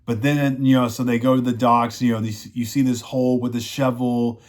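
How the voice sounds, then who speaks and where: A man's voice: mid-range voice, little pitch movement, moderate pace, a little mellow. A man casually recapping a TV season in a rambling way, full of "you know" fillers. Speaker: show reviewer.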